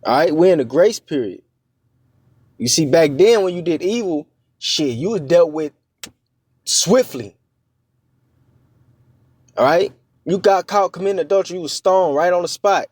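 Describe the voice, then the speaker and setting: A man preaching in a loose, conversational way, often stopping to check that his listener is following. His voice sits a little high for a man and sounds dry and close, with no room around it. He stumbles through fillers and restarts, then slows down to read verses with care. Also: lively intonation, a little mellow, no echo. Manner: conversational, checks in with frequent "all right?" and "man"; halting, with many fillers and restarts. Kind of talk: informal scripture teaching.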